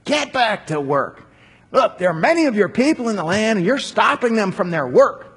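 Man voicing a domineering king, harsh orders, high strained pitch, husky, echoing hall. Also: very animated, moderate pace, a bit bright, heavily acted. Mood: commanding. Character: angry domineering male Egyptian king. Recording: long hall reverb.

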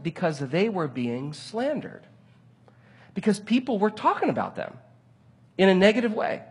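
A man preaching a sermon, telling a story with lively, animated delivery and acting out his own frustration. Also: high voice, breathy edge. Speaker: pastor.

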